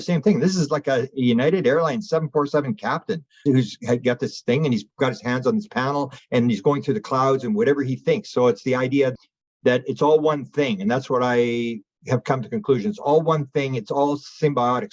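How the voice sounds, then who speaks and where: A man's voice: mid-range voice, a little fast, hardly any pauses. A man, a guest on an interview show, telling long rambling stories and acting out the people he quotes in raised voices. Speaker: interview guest, UFO researcher. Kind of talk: anecdotal storytelling in an interview. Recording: dull lo-fi audio.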